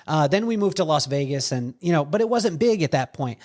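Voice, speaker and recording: A man telling stories as a podcast guest, animated and quoting others with lively voices. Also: fairly high pitch, a little fast. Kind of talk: storytelling conversation.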